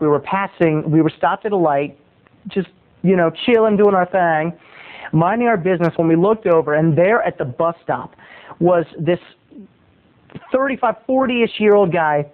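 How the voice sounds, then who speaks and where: A man, a video blogger, telling a story in a chatty, animated monologue from his bed at home. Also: high voice. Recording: tinny phone-like sound.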